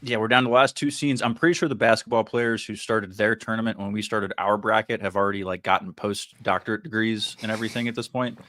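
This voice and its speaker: A man's voice: lowish voice, fairly even intonation, quick pace, few pauses, a bit bright. A man who is the show's producer, trading dry, wisecracking banter with the host. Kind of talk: casual banter.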